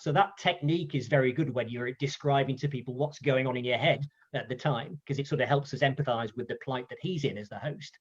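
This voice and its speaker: A man's voice: on the high side, fairly quick, breathy edge, highs cut off. Chatty British man telling a story. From United Kingdom. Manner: chatty, animated, acts out voices in quotes. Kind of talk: casual storytelling talk.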